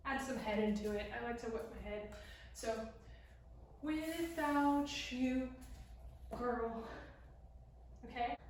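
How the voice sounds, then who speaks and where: A young woman with a fairly high voice gives a casual beginner dance lesson, demonstrating each move as she talks and occasionally running short of breath. She counts out the steps and sings fragments of the song. The recording is very echoey, with her far from the mic and slight background noise.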